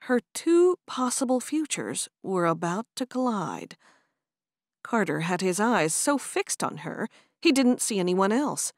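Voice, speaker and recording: Expressive woman narrating an audiobook. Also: mid-range voice, unhurried, no room sound, clean studio sound. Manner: expressive storytelling. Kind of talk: scripted narration.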